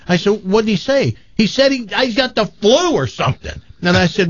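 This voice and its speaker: Male radio host, animated storyteller, lively pitch, dry dull sound. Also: brisk, creaky, hardly any pauses, dry recording. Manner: animated storyteller, acts out voices. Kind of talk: casual radio chat.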